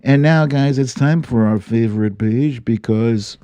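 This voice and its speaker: Chatty guy hosting a stream, laughs a lot, talks slow and easy. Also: mid-range voice, mellow, smooth, no echo, studio quality. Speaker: livestream host reading his own book. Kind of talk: casual live chat with viewers.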